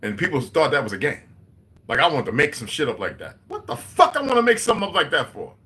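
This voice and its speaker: A man's voice: a little high, huge pitch swings, quick pace, pushed and bright. A man in his forties giving a rambling, profane, preachy monologue. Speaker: video host.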